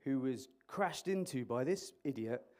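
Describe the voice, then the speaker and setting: A man speaks at a measured pace in a mid-range voice, presenting as an emergency clinician at a conference. Through a microphone in the hall, he delivers an interactive talk that is animated and jokey, quizzing those listening.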